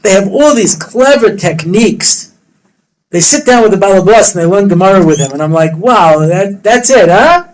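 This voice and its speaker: A man's voice: sits high, brisk, a little mellow, low-quality recording. A man, a rabbi, telling a story in a lecture with humor, acting out the characters' voices. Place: study hall.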